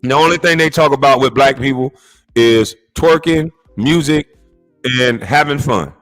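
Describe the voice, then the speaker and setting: A man's voice: mid-range voice, unhurried, a bit bright, soft background music. A man hosting a casual commentary show, reacting to clips in an indignant, mocking way.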